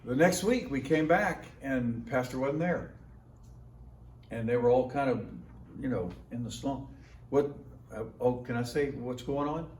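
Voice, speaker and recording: A man preaching a sermon, telling a story casually and acting out other people's lines with lively jumps in his voice. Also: a little slow, a little hiss or hum. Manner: animated, acts out quoted voices with big pitch jumps. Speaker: pastor. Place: church sanctuary. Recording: echoey church hall, mic at a distance.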